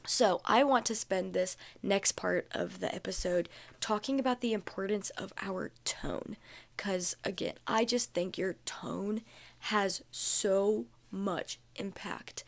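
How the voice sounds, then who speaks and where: Young adult female podcast host, casual and chatty, restates her points, mid pitch with creaky fry. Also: takes it slowly. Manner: chatty, filler-heavy, repeats points for emphasis. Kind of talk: casual solo podcast talk.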